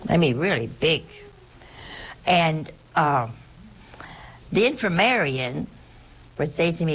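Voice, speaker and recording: An older woman, a nun, recalling her life in halting oral-history storytelling, often repeating words and adding "see" or "you know". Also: deep voice, animated, husky, poor audio.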